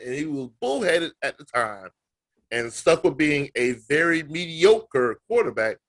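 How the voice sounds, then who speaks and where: A man's voice: a little high, very animated, measured pace, fairly bright tone. A man co-hosting a sports podcast, ranting emphatically and with disbelief. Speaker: podcast co-host. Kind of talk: casual sports banter.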